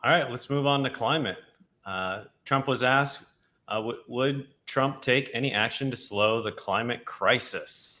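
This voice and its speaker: A man's voice: mid-range voice, measured pace, sharp tone. A man moderating, briefly reading out a debate question.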